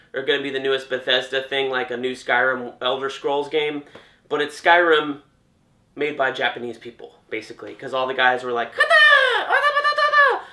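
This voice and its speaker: A man's voice: medium pitch, sharp tone. A young man giving a chatty, jokey reaction to gaming news, often trailing off and restarting. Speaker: gaming commentator. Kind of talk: casual reaction commentary. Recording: roomy echo.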